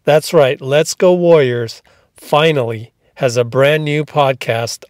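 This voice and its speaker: A man's voice: mid-range voice, takes it slowly, dry recording, studio quality. A man hosting a podcast intro in an upbeat radio voice, talking with punchy energy as a sports beat reporter. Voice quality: put-on radio voice. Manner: upbeat, punchy hype delivery.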